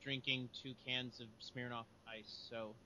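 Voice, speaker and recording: A man joining a casual podcast call as a guest, drowsy and a little tipsy, quick to apologize. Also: medium pitch, level tone, sharp tone, slight background noise. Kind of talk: casual chat. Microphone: computer mic on a call. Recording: dull lo-fi call audio.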